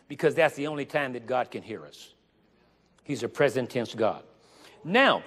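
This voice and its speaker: A man preaching a sermon with emphasis, getting louder and slowing down on the words he stresses. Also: mid-range voice, sing-song. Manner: emphatic, rising to loud stressed phrases, slows down on scripture. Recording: long reverb of a large hall.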